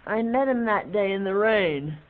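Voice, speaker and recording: An actress playing an older woman reminiscing to her dog, musing and unhurried, with hesitant pauses. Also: medium pitch, expressive, lightly acted. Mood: wistful. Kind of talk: film monologue. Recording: tinny, phone-like film audio.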